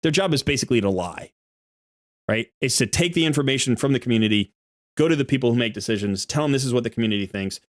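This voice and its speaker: A man's voice: mid-range voice, lively intonation, fast talker, dry recording. Argumentative male streamer, dry close sound. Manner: argumentative, explains with worked examples. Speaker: game streamer. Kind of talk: live stream commentary.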